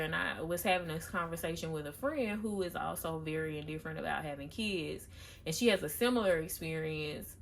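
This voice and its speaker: A woman's voice: lowish voice, a bit bright. A young woman talking candidly and confessionally in a casual personal vlog, chatting to her viewers. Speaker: vlogger.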